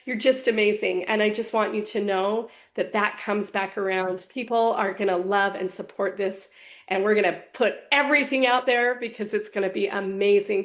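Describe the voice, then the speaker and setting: A woman hosting a podcast, speaking warmly and with emotion as she thanks and praises her guest. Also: medium pitch. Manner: warm, gushing praise. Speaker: podcast host. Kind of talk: heartfelt interview talk.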